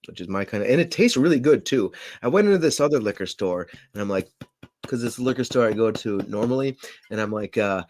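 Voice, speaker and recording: A young man hosting a podcast, chatting casually in a rambling, profane, laughing way. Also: lowish voice. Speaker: podcast host. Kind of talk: casual chat.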